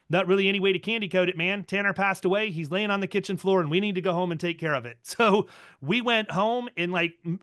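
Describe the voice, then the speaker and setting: A man hosting a podcast, telling a story in a casual, animated way with quick bursts of speech. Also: high-pitched, no room sound, studio quality. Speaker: podcast host.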